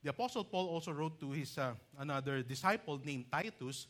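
Male preacher, bright edgy tone, slightly high voice, emphatic teaching delivery. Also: expressive, brisk. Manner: emphatic, rising loud when reading scripture lists; teacherly, explains grammar with asides like "okay". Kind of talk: sermon.

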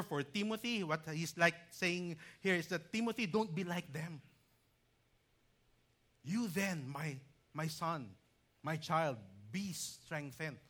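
Emphatic bright-voiced male preacher. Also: on the high side. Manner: emphatic, rising loud when reading scripture lists; teacherly, explains grammar with asides like "okay". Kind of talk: sermon.

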